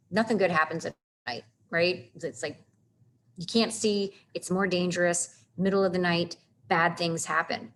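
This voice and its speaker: A woman teaching a casual literature lesson, chatty and animated, stopping to read lines of verse aloud with heavy stresses. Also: on the low side, a little hiss or hum. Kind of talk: casual classroom lecture on literature.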